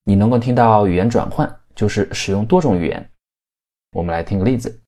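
A man hosts a language lesson podcast. He explains points steadily and clearly, like a teacher. His voice sits fairly low. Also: fairly quick, mellow. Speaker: host.

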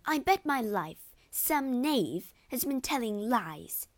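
A woman's voice: a little high, sing-song, takes it slowly, no room sound, voice pushed up, exaggerated voice. A woman voicing an outspoken, loyal maidservant who speaks indignantly and insists.

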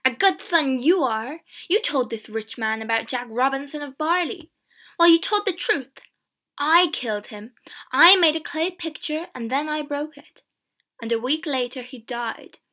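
A woman voicing a vengeful village witch mother who confesses in bitter, shouted outbursts. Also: fairly high pitch, normal speed. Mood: furious.

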